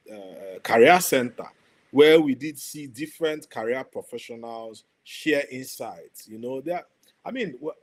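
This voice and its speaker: A man, speaking as a guest on an online panel over a video call, measured and pausing with fillers. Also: medium pitch, a little mellow. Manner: measured, many fillers and restarts.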